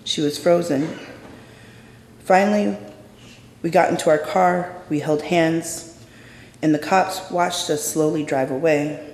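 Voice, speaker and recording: A man's slightly high, gravelly voice fills a big, reverberant theater as he performs an intense first-person story. He keeps a measured pace with deliberate pauses and fairly even intonation, and the hall's long reverb is clearly audible.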